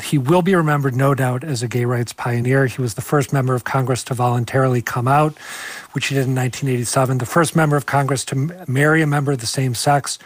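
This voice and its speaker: A man's voice: medium pitch, dry recording. A male radio reporter in a news interview, losing his voice and sounding strained and apologetic.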